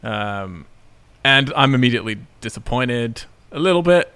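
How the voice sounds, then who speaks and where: Excitable man recapping a film plot. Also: medium pitch, moderate pace, smooth. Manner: excitable, laughs often while recapping. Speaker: podcast co-host recapping a film. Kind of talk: casual chat.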